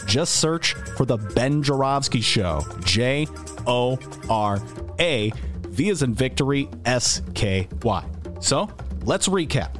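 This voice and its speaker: A man's voice: mid-range voice, big pitch swings, slow, fairly bright tone, faint music behind. Chatty man reading a show promo. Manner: chatty, upbeat promo delivery. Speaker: producer. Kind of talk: recorded promo read.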